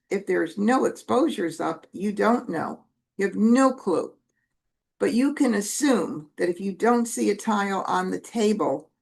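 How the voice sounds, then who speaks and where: A woman with a gravelly, fry-edged voice talks through Mah Jongg strategy as she plays. Her delivery is loose and conversational, with asides and self-corrections. Her pitch sits in the middle for a woman. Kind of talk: casual teaching while playing.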